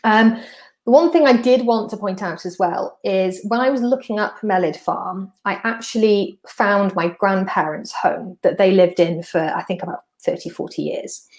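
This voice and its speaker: A chatty woman from North Wales hosts a podcast, talking through a walkthrough at mid pitch. She explains things step by step in an easygoing, conversational way. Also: normal speed. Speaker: podcast host. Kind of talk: casual explanatory walkthrough of slides.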